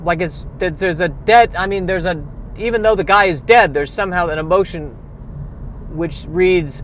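A man's voice: high voice, normal speed, a little hiss or hum. A man hosting a solo podcast from his car, rambling in a wry, self-deprecating way. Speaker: podcast host. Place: in a car by a street.

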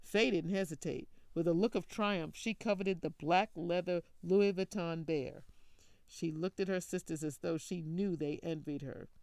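A storyteller giving a steady scripted reading of a family story. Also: mid-range voice, measured pace, dry recording. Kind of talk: scripted narration.

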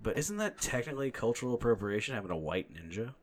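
A man's voice: medium pitch, sing-song, fast talker. A young man co-hosting a casual comedy podcast, joking crudely and ranting with lots of profanity. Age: young adult. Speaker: podcast co-host.

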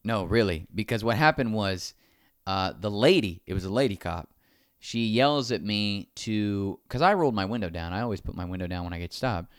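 A man's voice: lowish voice, moderate pace, smooth, dry recording, clean studio sound. A man casually telling a long anecdote, acting out the other people's lines as he goes. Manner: animated, acts out quoted dialogue.

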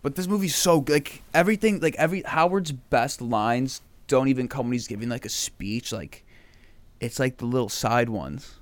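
A young man chatting on a podcast, telling animated stories and swearing casually. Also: mid-range voice, normal speed, dry recording. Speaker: podcast guest. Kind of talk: casual chat.

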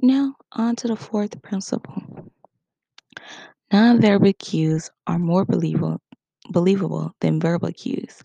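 A woman's voice: fairly low pitch, a little slow, vocal fry, warm tone, husky, no echo, muffled recording. A woman giving a casual spoken lesson in a conversational way, acting out short example quotes. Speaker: instructor.

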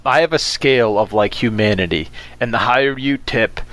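A man's voice: medium pitch, moderate pace. A man in casual chat about delivering pizzas, telling stories with lots of swearing and acted-out quotes. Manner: profane, animated storyteller who acts out quotes.

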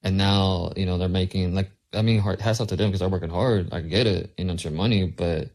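A man talks casually in a relaxed, loose way, leaning on "like" and "you know." His voice sits low and sounds dark and mellow. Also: a little fast. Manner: laid-back, many fillers like "like". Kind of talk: casual chat.

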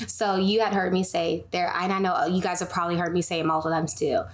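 Young female host, animated and chatty, tells stories with lots of side tangents. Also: lowish voice, fast. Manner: animated storytelling, goes on tangents. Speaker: podcast host. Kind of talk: casual faith chat.

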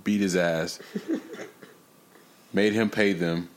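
A young man hosting a casual podcast, telling stories in lively slang and breaking into rap lines. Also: deep voice, drawn-out words. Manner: animated, slangy storytelling with bursts of rapping. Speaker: podcast host.

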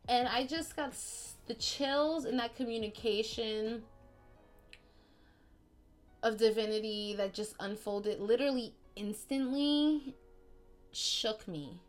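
A woman hosting a spiritual podcast, talking in a casual, slangy, animated way that swings between excited outbursts and softer, quieter stretches. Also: on the high side, takes it slowly, pauses often, soft background music. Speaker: podcast host.

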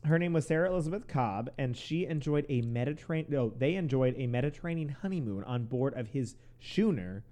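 A man's voice: mid-range voice, lively intonation, fairly quick, hardly any pauses, dark tone. A man hosting a podcast, reading a history story aloud from notes with stumbles, self-corrections and giggles in casual chat. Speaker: podcast host.

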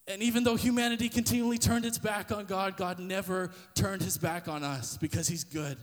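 High-voiced preacher in a reverberant hall. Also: male voice, steady tone, brisk, few pauses, soft background music. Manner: intense, vivid storytelling with repeated "and, and" restarts. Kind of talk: sermon.

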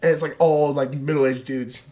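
A man's voice: medium pitch, fairly even intonation, moderate pace, warm tone. A man in his thirties chatting casually as a podcast co-host, rambling and swearing freely in slangy talk. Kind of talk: casual chat.

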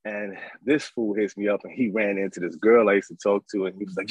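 A man in his thirties from New York, telling his life story as an interview guest in an animated, casual way. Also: on the low side, fairly quick, hardly any pauses, slightly rough, no room sound, rough recording. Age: 30s. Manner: animated, acts out voices in his stories.

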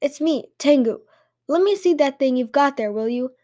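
A woman voicing a raspy male mountain goblin who keeps coaxing and pushing to get his way. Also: sits high, expressive, moderate pace, dark tone. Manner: wheedling, insistent.

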